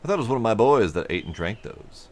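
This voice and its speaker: A man with a lowish voice talks fast with big swings in pitch, voicing a friendly, talkative male bridge construction supervisor in a game. He delivers the lines in a raised, polite, slightly theatrical manner.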